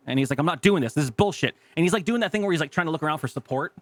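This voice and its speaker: A man on a podcast telling a story in casual chat, animated and profane, acting out the people in it. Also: on the high side, racing, few pauses, no room sound. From California. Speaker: podcast co-host.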